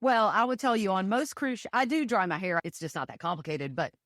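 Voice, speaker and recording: A woman's voice: mid-range voice, animated, brisk, a bit bright, no room sound, clean studio sound. A woman from Texas chatting as a podcast guest, telling her stories enthusiastically with plenty of fillers. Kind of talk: casual interview chat.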